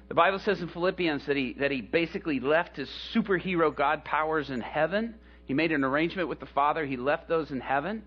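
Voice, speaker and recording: Animated male pastor preaching a story. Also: on the high side, slightly rough. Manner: animated storyteller, acts out voices, chuckles. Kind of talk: storytelling sermon. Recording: dull lo-fi recording with faint hum.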